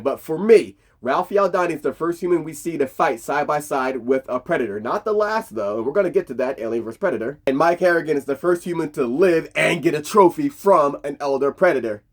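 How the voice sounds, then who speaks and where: A man giving a casual movie review vlog, retelling the plot in an animated, slangy, profane way. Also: medium pitch. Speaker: movie commentator.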